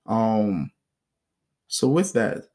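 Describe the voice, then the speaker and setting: A man's voice: on the low side, drawn-out words. A man casually telling a personal story about past relationships in a blunt, profane way, acting out what others said. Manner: blunt and profane, animated when mimicking others. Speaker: self-help vlogger.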